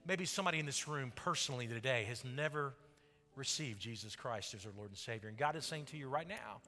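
Faint music plays behind a pastor's fervent sermon, which rises and falls with long hall reverb in a large church sanctuary. His medium-pitched voice is bright and forceful, moving fairly quickly.

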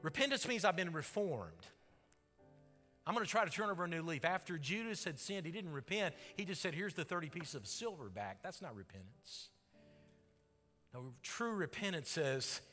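A man's voice: on the high side, sing-song, moderate pace, pushed and bright, soft background music. A man preaching a sermon as pastor, with fervent delivery that rises and falls. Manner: fervent, rising and falling delivery. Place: large church sanctuary. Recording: long hall reverb.

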